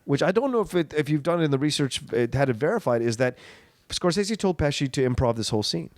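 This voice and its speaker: A man co-hosting a casual film discussion, chatty, with plenty of quick agreement. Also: fairly high pitch, animated, dry recording, clean studio sound. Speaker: film podcast co-host.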